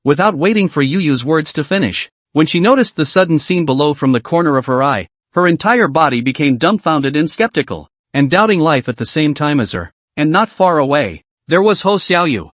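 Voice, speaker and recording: A man narrating a translated comic story recap with a steady, read-aloud delivery. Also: fairly high pitch, moderate pace, no room sound.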